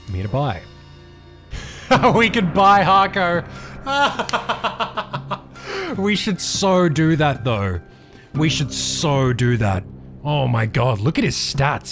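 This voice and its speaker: Excitable man narrating his gameplay. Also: mid-range voice. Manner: excitable, laughs often, yells when things go wrong. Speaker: gaming channel host. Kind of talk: let's play commentary.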